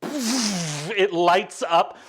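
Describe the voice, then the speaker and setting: A man narrating a tabletop game as game master, animated, with many fillers and laughs. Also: sits high, very slow, slight background noise.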